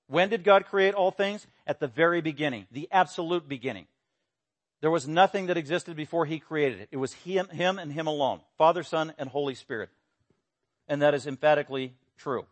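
A man preaching a sermon, emphatic, swinging between loud exclamations and quiet explanation. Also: fairly quick. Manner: emphatic, rising to loud exclamations then dropping low. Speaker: pastor.

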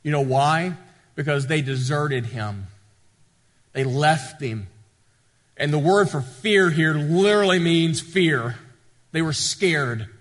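A male pastor with a drawl preaches to his congregation, leaning on repetition and building emphasis. His slightly high voice rings out through a church hall with a long reverb. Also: slow, long pauses. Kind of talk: sermon.

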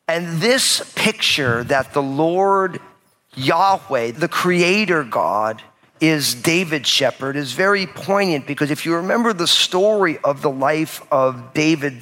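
A man's voice: medium pitch, a bit bright. A male pastor giving a sermon to a live audience in a church, retelling scripture in casual, everyday speech. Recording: long reverb of a large hall.

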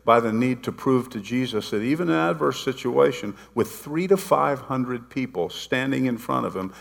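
A man's voice: mid-range voice, expressive, moderate pace, gravelly. A man preaching a sermon, talking to the congregation in a conversational way, with dramatic retellings and playful asides. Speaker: pastor. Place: church sanctuary. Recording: long reverb of a large hall.

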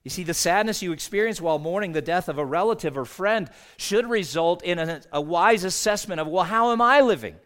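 Higher-voiced man preaching a sermon. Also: brisk, hardly any pauses. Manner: conversational storytelling, earnest. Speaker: pastor.

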